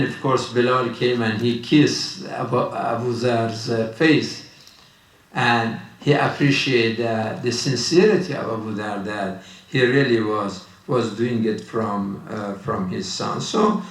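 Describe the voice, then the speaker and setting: A man giving an informal sermon, emphatic and repetitive, with frequent restarts. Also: mid-range voice. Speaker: religious speaker. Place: mosque hall. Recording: roomy, distant mic.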